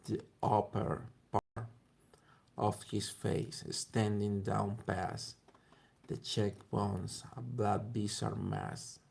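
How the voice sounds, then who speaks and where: A man reads a classic story aloud in a low, very gravelly, husky voice. His delivery is flat and slow, halting and stumbling now and then. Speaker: reader.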